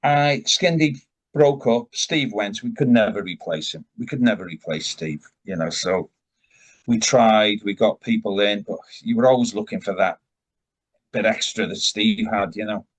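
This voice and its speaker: A man's voice: lowish voice, moderate pace. An older man, a rock vocalist, telling long rambling anecdotes as an interview guest, with frequent restarts and tangents. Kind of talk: casual storytelling interview.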